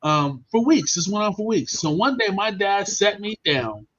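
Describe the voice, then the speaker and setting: A man hosting a podcast, telling stories in a casual, animated and profane way. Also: high voice, normal speed. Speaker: podcast host. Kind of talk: casual storytelling chat. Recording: dull lo-fi stream audio.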